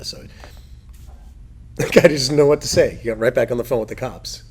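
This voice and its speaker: A middle-aged man hosting a podcast, telling stories in a loud, animated, profane way and laughing often. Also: medium pitch, normal speed, slightly rough. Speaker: podcast host. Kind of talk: casual chat.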